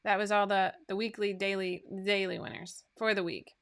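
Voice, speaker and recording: A woman's voice: mid-range voice, little pitch movement, normal speed, clear, resonant tone. A woman hosting a sewing pattern livestream in a casual, chatty way, reading out winners with asides. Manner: chatty, asides and fillers between list items.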